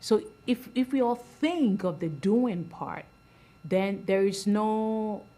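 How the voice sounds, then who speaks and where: A middle-aged woman on a school board speaking earnestly at a public meeting, rambling with many restarts and soft laughs. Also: mid-range voice, slow.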